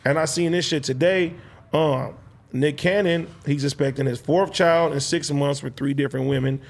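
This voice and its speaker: A man's voice: a little high, fairly even intonation, normal speed, creaky. A man telling a long personal story in casual, slang-heavy, swearing chat.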